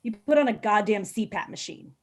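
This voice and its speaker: Animated and fairly quick, a medium-pitched woman in her thirties runs through a frank, bawdy stand-up set on a live video call. Her storytelling is dotted with ums and small laughs.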